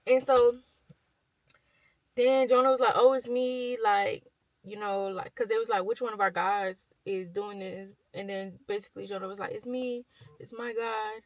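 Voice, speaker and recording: A woman's voice: medium pitch, fairly even intonation, moderate pace, no echo, low-quality recording. A young woman vlogger chatting as she retells a Bible story, with lots of fillers and slang.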